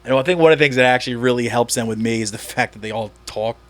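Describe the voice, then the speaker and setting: A man from the Philadelphia area with a Philly accent, chatting casually as a podcast host, animated and swearing freely. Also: mid-range voice, rapid-fire. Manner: animated, swearing, acts out quoted bits. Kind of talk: casual chat.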